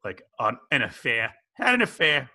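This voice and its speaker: A man in his forties hosting a podcast, chatting casually in a jokey, animated way. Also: mid-range voice, normal speed. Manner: jokey, animated, slips into impressions. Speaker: podcast host. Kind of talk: casual chat.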